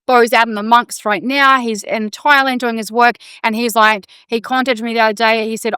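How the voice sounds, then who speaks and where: A woman's voice: a little high, fairly even intonation, normal speed, hardly any pauses, bright, forceful tone, clean tone, dry recording. Emotional woman podcast host. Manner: emotional, storytelling with quoted dialogue. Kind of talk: casual podcast chat.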